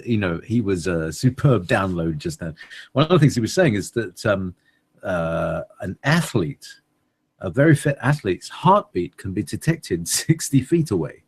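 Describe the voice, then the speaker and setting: A man cohosting a relaxed conversation, talking in long, meandering stretches full of hesitations. His pitch moves a lot, and his voice carries a slight husk. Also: breathy edge. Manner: rambling, hesitant, laughs often. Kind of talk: casual chat.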